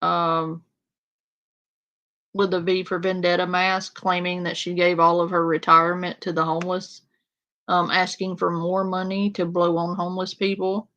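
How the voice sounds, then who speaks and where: A woman's voice: lowish voice, little pitch movement, normal speed, a bit bright, muffled recording. A woman panel guest ranting in an exasperated, profane way in casual commentary.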